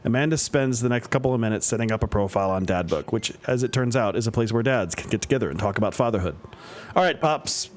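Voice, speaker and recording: A man's voice: on the low side, quick pace, hardly any pauses, darkish tone, slight background noise. A man reading a story game aloud for a let's play, voicing the dad character, with playful joking asides. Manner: playful, joking asides between read lines.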